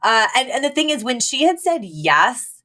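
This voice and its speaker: A woman's voice: a little high, very animated, moderate pace, pushed and bright. A woman podcast co-host giving a casual, rambling episode recap with lots of fillers. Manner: rambling storytelling with many fillers.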